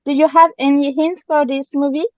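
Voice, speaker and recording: A woman with a French accent, a fan speaking in halting, apologetic English as she searches for words on a video call. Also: high voice, flat delivery, no room sound, lo-fi sound. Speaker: fan asking a question. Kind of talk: casual chat.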